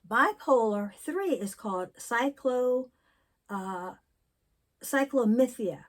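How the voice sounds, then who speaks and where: A woman in her sixties talking candidly in a personal vlog, telling stories and reflecting slowly. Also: fairly high pitch, expressive. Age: 60s. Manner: candid storytelling, slow and reflective. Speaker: vlogger.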